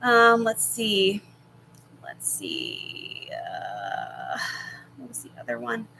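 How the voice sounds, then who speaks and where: A woman's voice: a bass voice, wildly swooping pitch, very slow, vocal fry, pushed and bright, slight background noise, poor audio. A woman in her thirties hosting a casual live chat from home over her laptop, rambling and friendly with lots of fillers. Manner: chatty and rambling, many fillers and laughs. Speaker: channel host answering viewer questions.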